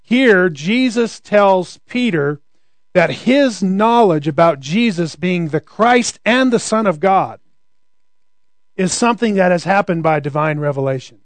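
High-voiced man preaching a sermon. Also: expressive, measured pace, dry recording. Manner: conversational, asks rhetorical questions.

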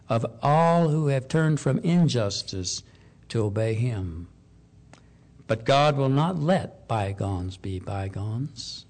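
Man preaching a measured sermon. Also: on the high side. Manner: measured, slows for emphasis, rises on key points.

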